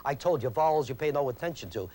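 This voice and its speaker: A man's voice: mid-range voice, animated, fast talker, a little mellow. A man teaching a memory technique on an instructional video, speaking emphatically, repeating his key points and quizzing the viewer. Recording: 1980s VHS instructional tape.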